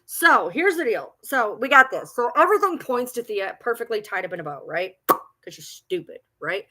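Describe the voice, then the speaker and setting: A woman's voice: fairly high pitch, big pitch swings, moderate pace, sharp tone. A woman at home ranting on a livestream, agitated and profane, repeating herself as she talks back to critics. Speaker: TikTok creator. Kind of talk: livestream rant.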